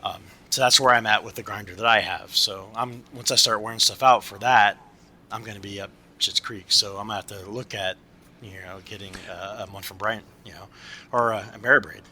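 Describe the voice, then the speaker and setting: A man co-hosting a podcast in casual chat over a video call, chatty and quick to joke and laugh. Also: on the low side, steady tone, pushed and bright. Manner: chatty, laughs easily, jokey. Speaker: podcast co-host.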